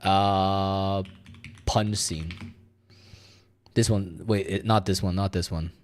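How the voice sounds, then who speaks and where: Guy streamer w a lowish voice, loose rambly chat, lots of uh's while he digs around for stuff. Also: fairly even intonation, takes it slowly, a little mellow, slight background noise. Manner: rambling, searching aloud with fillers. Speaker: live streamer. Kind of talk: casual live-stream chat.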